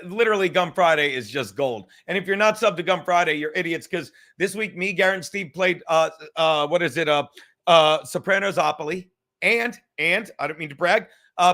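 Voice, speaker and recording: Bright, high-voiced profane male streamer. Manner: rambling, profane, reading chat comments aloud. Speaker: podcast host. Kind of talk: casual livestream chat.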